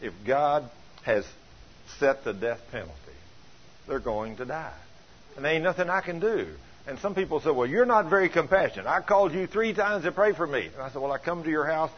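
Husky folksy older preacher man. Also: fairly high pitch, lively intonation, brisk. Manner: storytelling, chuckling, colloquial grammar. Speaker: pastor. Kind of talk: folksy sermon. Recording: dull lo-fi sound.

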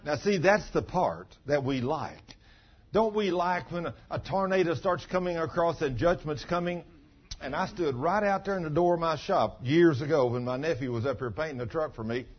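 A man preaching a sermon in a husky, slightly raised voice that swoops widely up and down. He hammers his points with rhetorical questions and acts out remembered conversations. The recording sounds dull and lo-fi. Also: fairly high pitch, animated, moderate pace. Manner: emphatic, fond of rhetorical questions.

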